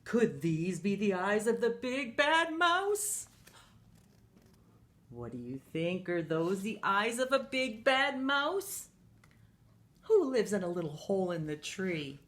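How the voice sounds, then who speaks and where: A woman teacher reads a picture book aloud to children in a mid-range voice, taking it slowly. She's animated and stops along the way to ask them questions.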